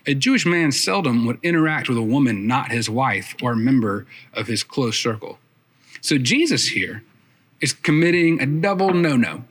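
A man's voice: mid-range voice, fairly bright tone. A man preaching a sermon, retelling the story conversationally with casual asides.

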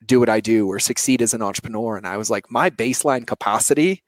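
This entrepreneur guest, a man in his thirties, talks quickly in a mid-range voice on a dry recording. He reflects earnestly on his own life in a personal interview, peppering his words with "like" and "you know."

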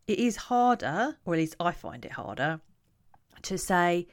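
A woman who coaches parents, talking to camera in a calm, reflective, conversational way. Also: fairly low pitch, a little slow.

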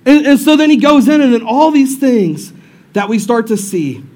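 A male lead pastor preaching a casual, storytelling sermon in a church, animated and joking, often repeating his phrases. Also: very high voice, normal speed. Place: church service room.

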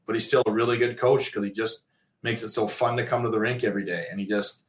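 A man's voice: fairly low pitch, fairly even intonation, quick pace. A man in his fifties, a former pro athlete turned coach, telling long stories casually with many fillers and restarts. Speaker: interview guest, former pro hockey player turned coach. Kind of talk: casual storytelling. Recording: echoey room.

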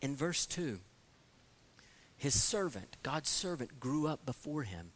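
A man's voice: mid-range voice, sing-song, slow pace. A man preaching an expository sermon, earnest, often repeating words as he restarts and rising to emphatic peaks. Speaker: pastor.

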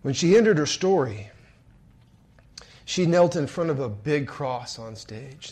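A man preaching and telling a story in a large hall, dropping to hushed murmurs and swelling forcefully. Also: on the high side, animated, takes it slowly. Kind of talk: sermon storytelling.

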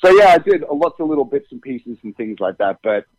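A man's voice: medium pitch, big pitch swings, darkish tone, dry recording, rough recording. A young adult man with an Australian accent, chatting as an interview guest, with frequent restarts and fillers. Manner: halting, many restarts and fillers. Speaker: actor and comic creator, guest. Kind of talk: casual interview chat.

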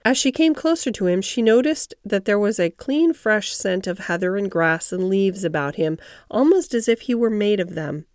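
Woman audiobook narrator, calm measured reading, dry close sound, middle pitch. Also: dry recording. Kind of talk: scripted storybook narration.

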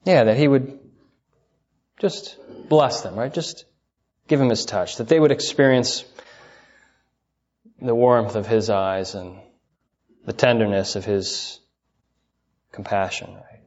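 A man's voice: fairly low pitch, takes it slowly, long pauses, a little mellow, highs cut off. A man preaching a sermon, stressing his points with repetition and asking his listeners questions. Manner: emphatic, repeats key phrases, asks the listeners questions.

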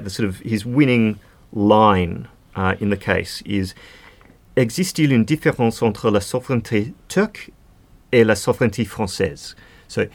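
Low-voiced man explaining legal history. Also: gravelly, fairly bright tone. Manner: explanatory, fluent, with casual fillers. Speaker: legal expert guest. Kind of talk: podcast conversation.

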